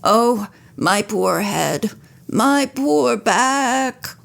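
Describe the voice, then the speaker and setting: A woman's voice: a little high, big pitch swings, takes it slowly, vocal fry, exaggerated voice. A woman voicing a scheming grown man who groans and pities himself while faking an injury. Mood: moaning. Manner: groaning, self-pitying.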